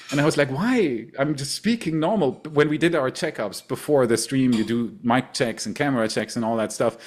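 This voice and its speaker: A man's voice: medium pitch, a little mellow. Man, German accent, livestream host, casual rambling chat, repeats himself, laughs a lot.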